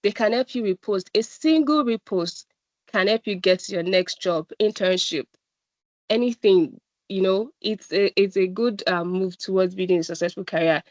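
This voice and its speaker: A woman's voice: mid-range voice, moderate pace, darkish tone, dry recording, dull audio. A woman with a Nigerian accent giving an encouraging presentation talk as a guest speaker, often checking in with "right?". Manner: encouraging, repeats "right?" and "I'm telling you". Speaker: guest speaker at a data analytics boot camp.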